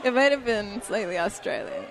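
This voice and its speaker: A woman's voice: fairly high pitch, animated, moderate pace, music in the background, a crowd in the background, rough recording. A young adult woman, a news reporter, chatting casually as a guest and laughing easily. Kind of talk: casual chat.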